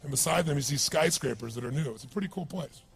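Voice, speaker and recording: A man's voice: on the high side, quick pace, gravelly, slightly rough. A man giving a motivational seminar talk, telling a story with energy and asking the crowd questions. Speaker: motivational speaker.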